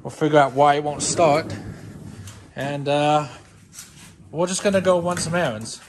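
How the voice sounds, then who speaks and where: A man's voice: a little high, unhurried. A man casually narrating family errands to the camera for a vlog, speaking in an easygoing, offhand way. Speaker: parent vlogging family errands. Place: inside a moving car. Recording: noisy car interior.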